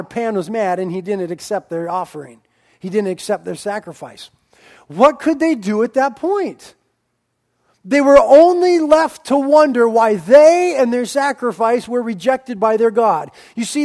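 A man preaching a sermon as pastor, with emphatic, drawn-out lines that swing between loud declarations and quiet asides. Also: very high voice.

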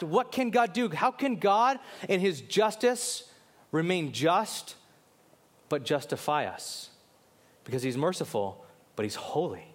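A man preaching a sermon, swinging from loud emphatic questions to low, quiet lines and acting out biblical characters in quick asides. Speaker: pastor.

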